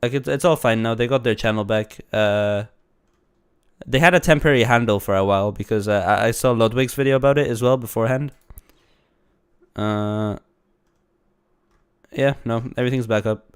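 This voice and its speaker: A streamer with a slight cold talks in a loose, rambling way, restarting sentences and laughing often. His voice is a man's, smooth and resonant. It sits mid-range in pitch. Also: moderate pace, pauses often. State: a bit congested from a cold. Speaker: streamer reacting to videos. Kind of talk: casual live-stream commentary.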